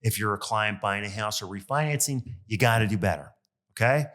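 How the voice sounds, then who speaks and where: Speaking fairly fast in a low-leaning voice, a male loan officer hosts a casual solo podcast, airing grievances with lively exasperation and lots of ums and uhs.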